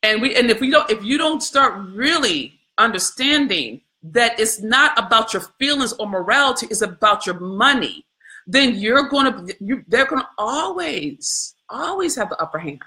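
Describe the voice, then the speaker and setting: Fervent bright-voiced woman. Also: a little high, very animated, moderate pace. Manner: fervent, preachy, reads viewer comments aloud; colloquial, addresses viewers as y'all. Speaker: host of a live video. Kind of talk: impassioned live-stream commentary.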